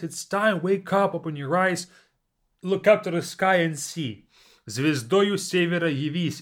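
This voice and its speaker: A man teaches a language class, reading poems aloud slowly and expressively with lively pitch. He then explains each line in a reflective, halting manner.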